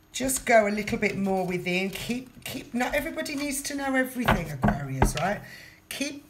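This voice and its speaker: A woman's voice: mid-range voice, background noise. A woman giving a casual tarot reading, talking straight to the viewer and repeating her phrases. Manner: chatty, repeats phrases, addresses the viewer directly. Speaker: tarot reader.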